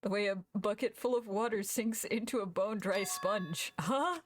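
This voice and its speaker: A woman streamer reading game dialogue aloud and reacting with loud, swearing outbursts and laughter. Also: mid-range voice, normal speed, slight background noise.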